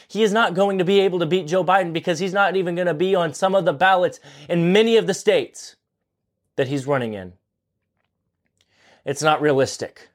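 A young man in his twenties with a slightly higher voice talks straight to his listeners as host. He is earnest and pleading, hammering points home by repeating them. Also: a little fast. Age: 20s. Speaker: podcast host. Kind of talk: impassioned political monologue.

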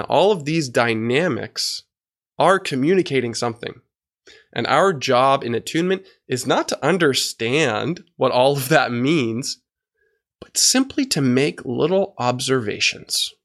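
A man's voice: medium pitch, animated, normal speed, a bit bright. A man hosting an instructional podcast, explaining listening skills and demonstrating changes in his volume and speed. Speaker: podcast host and coach.

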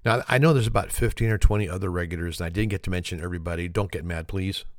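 Low-voiced man hosting a joke podcast. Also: rapid-fire, no room sound, clean studio sound. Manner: chuckles at his own jokes, self-deprecating. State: morning voice. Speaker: podcast host. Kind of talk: casual comedic monologue.

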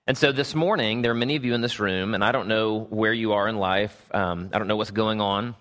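A man preaching to his congregation in a relaxed, conversational way with frequent fillers, softening during prayer. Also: fairly low pitch. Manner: conversational, many fillers, drops soft in prayer. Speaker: pastor. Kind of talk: sermon with prayer. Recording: reverberant hall.

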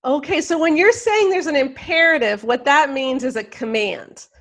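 A woman's voice: high voice, normal speed, a bit bright. A woman hosting an interview, asking clarifying questions and restating the guest's points plainly. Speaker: interviewer host.

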